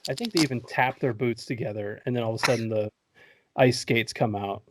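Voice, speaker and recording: A man talks through a movie's plot in a loose, joking podcast recap, swearing freely and breaking into laughter. His voice sits at an ordinary middle pitch. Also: brisk, noisy background. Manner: joking, profane, laughs often. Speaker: podcast host.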